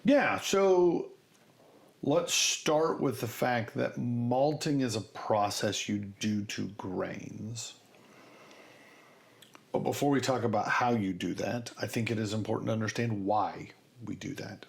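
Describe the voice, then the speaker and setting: A man from north central Kansas co-hosting a podcast, explaining in a lively, joking manner. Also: lowish voice, slow, creaky. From north central Kansas, USA. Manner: animated, explains with asides and jokes. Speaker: podcast co-host. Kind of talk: casual chat.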